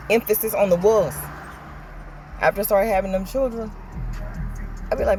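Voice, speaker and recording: A woman with a Southern American accent, telling stories in a chatty, animated vlog and acting out what people said. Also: mid-range voice, moderate pace, pauses often, faint music behind. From Southern United States. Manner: chatty, animated storytelling with acted-out quotes. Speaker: vlogger. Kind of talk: casual chat.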